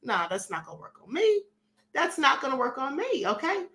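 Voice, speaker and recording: A middle-aged woman hosting a casual live stream, sassy and animated, acting out little dialogues and reading chat comments. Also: sits high, normal speed.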